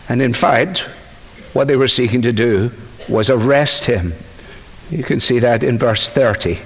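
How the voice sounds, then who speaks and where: A man's voice: mid-range voice, moderate pace, vocal fry, breathy edge. A man preaching a sermon, explaining a passage in a conversational way with asides to his listeners. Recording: long hall reverb.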